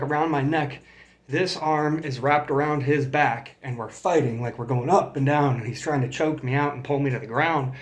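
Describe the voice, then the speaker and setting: Profane guy telling a story. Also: medium pitch. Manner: profane, acts out quoted dialogue; points out spots while telling. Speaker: vlogger. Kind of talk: casual storytelling.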